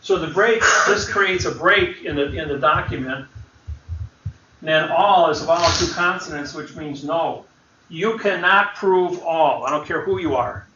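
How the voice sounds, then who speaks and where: A man's voice: a little high, a little slow, noisy background. A man lecturing a seminar, explaining words one by one in an emphatic way. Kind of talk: classroom lecture. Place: seminar room. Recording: roomy, distant, dull lo-fi seminar recording.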